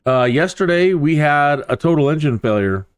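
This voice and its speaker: A man casually commenting on his flight simulator game, thinking aloud with small fillers and a relaxed, unhurried way of talking. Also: fairly high pitch, clear, resonant tone. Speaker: flight sim streamer.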